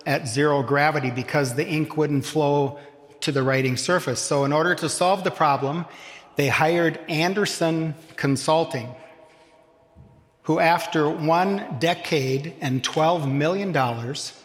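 A man preaching a sermon as pastor, slow and deliberate with dramatic pauses, addressing his congregation. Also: fairly high pitch. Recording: long hall reverb.

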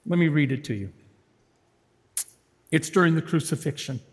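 A man giving a sermon as a lay preacher, animated and swinging between shouts and hushed tones. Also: a little high, moderate pace, breathy edge, in a large hall.

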